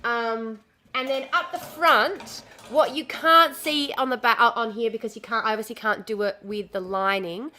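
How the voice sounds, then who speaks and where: A woman's voice: fairly high pitch, normal speed, pushed and bright. A woman in a casual livestream chat, rambling and easily distracted as she shows a dress she is sewing, swearing freely. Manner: talks while showing a dress she is sewing. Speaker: streamer.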